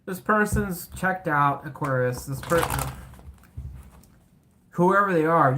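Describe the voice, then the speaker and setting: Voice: medium pitch, slow, background noise. Blunt, sarcastic tarot reader. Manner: blunt and sarcastic, swears casually; rambling, self-correcting talk. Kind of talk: casual tarot reading to camera.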